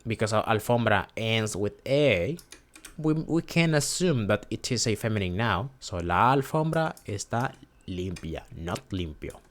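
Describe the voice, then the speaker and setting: A man's voice: fairly low pitch, expressive, a little slow. A man whose first language is Spanish teaches a casual lesson, hesitating and repeating words to model pronunciation.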